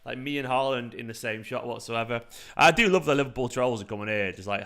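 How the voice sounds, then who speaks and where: This football fan channel host, a young man from South Manchester with a light Manc twang, chats loosely on a live stream at a fast clip and a middling male pitch. He's animated and rambling, swearing freely and plugging gaps with "like" and "um."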